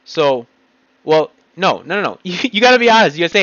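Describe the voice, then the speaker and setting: A man rants in a blunt, agitated way, his voice sitting a bit high for a man. The recording is dull and lo-fi, with a close, dry sound and no room around it. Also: sing-song, fairly quick, a bit bright, no echo. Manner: blunt, agitated, heavy swearing. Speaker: vlogger. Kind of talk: ranting monologue. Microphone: home computer mic.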